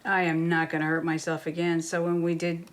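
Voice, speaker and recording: A woman's voice: lowish voice, completely flat delivery, fairly quick. An older woman interviewed for a documentary, telling candid stories about the past. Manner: candid, storytelling.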